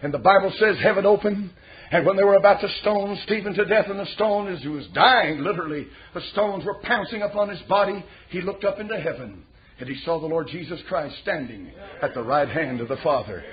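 Pastor, man, high-pitched, fervent pulpit preacher, soft then loud, dull lo-fi sound. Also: brisk. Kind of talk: sermon.

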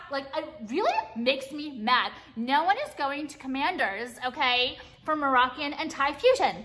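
Bright-voiced woman ranting, sweary and exasperated. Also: high voice, lively intonation, moderate pace, hardly any pauses. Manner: exasperated, sweary, heavy use of "like". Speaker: vlogger. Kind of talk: casual rant to camera. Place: car.

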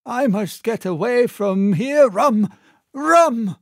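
A man's voice: very high-pitched, lively intonation, takes it slowly, no echo, studio quality, voice pushed up, heavily acted. A man doing a frantic old sea captain. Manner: desperate shouting.

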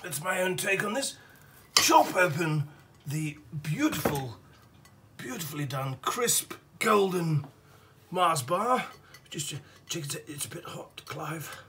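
A man's voice: a little high, lively intonation, takes it slowly, bright, forceful tone, slight background noise, full character voice. A man playing a brash, foul-mouthed, pompous TV chef with a Scottish accent, rambling and crude as he hosts a comedy cooking show. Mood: boastful. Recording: echoey kitchen, distant mic, clattering pans.

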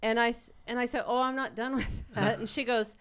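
A woman's voice: on the high side, fairly even intonation, brisk, fairly bright tone, clear, resonant tone. A woman co-hosting a podcast, telling a story in casual chat with many restarts and frequent laughter. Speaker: podcast co-host.

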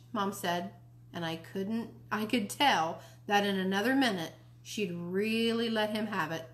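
A woman reading a children's chapter book aloud for a library audience. Her narration is lively and expressive, at an ordinary middle pitch. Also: measured pace. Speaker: library storytime reader. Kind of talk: read-aloud storybook narration.

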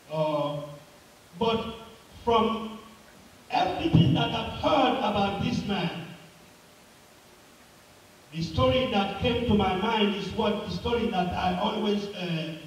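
A man with a very high voice preaches at a deliberate, unhurried pace. He tells his story dramatically and repeats key phrases for emphasis. The sound is recorded from far off in a big, echoey hall. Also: a little hiss or hum. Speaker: pastor. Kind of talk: sermon.

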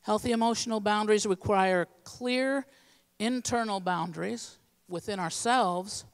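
Woman, church teacher, plainspoken, practical, smooth clear voice, long hall reverb. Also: medium pitch, unhurried. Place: church sanctuary.

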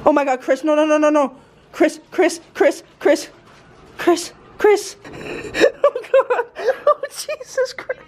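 A young woman reacting loudly while vlogging, swearing and laughing a lot. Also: sits high, big pitch swings, slow pace. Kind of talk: casual vlog chat.

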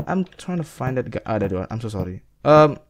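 A young man giving rambling let's-play commentary, yelling at the characters on screen. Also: mid-range voice, very animated, brisk, very noisy. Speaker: gaming commentator.

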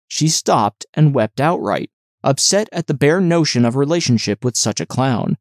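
Lively male audiobook narrator. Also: mid-range voice, no room sound, studio quality. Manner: clear, measured storytelling. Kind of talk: audiobook reading of a classic novel.

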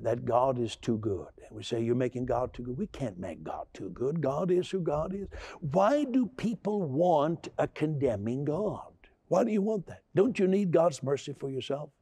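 A man's voice: a little high, vocal fry, warm tone, slightly rough, dry recording. A man preaching a sermon, stammering through repeated restarts and building to emphatic, raised passages. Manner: repetitive stammering restarts, rising to emphatic outbursts. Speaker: pastor.

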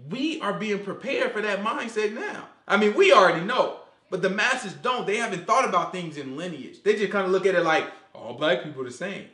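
A man with a high voice rattles through a casual Bible lesson at speed, full of slang and "you know what I'm saying?" He acts out the people he quotes and laughs along. The room gives his voice a noticeable echo. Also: expressive, brisk, bright, forceful tone. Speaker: Bible teacher. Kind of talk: casual Sabbath teaching.

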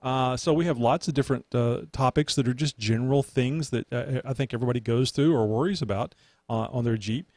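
A man's voice: mid-range voice, brisk, a little mellow, no echo. A man hosting a casual podcast, rambling with many fillers. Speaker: host.

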